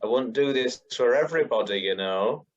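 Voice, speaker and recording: A man's voice: mid-range voice, animated, moderate pace, lightly acted. A man playing a cheeky, teasing young charmer. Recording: distant, dull lo-fi sound.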